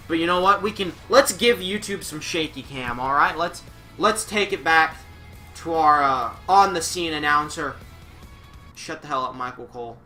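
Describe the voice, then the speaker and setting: A man's voice: on the high side, pushed and bright. A young man livestreaming a wrestling game, joking and swearing casually as he commentates. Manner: joking, profane, rambling. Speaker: streamer and commentator.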